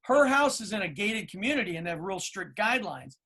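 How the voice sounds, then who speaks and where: A man's voice: high-pitched, brisk, husky. A middle-aged man co-hosting a podcast over a video call, telling stories and acting out what others said. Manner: storytelling, animated quoting of others. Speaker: podcast co-host.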